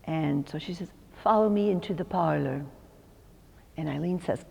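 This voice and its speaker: A woman in her sixties from Chicago tells her stories with a low, deep voice. She slips into the voices of the people she quotes and laughs often. The recording carries a long, hall-like reverb. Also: normal speed, gravelly, dark tone, breathy edge. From Chicago, USA. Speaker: religious sister interviewed for oral history. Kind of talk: storytelling in an interview.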